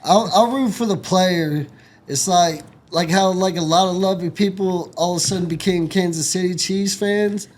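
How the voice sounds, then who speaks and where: A man's voice: high voice, normal speed. A man in a casual sports chat, rambling and heated with slang as a diehard fan. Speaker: sports podcast co-host.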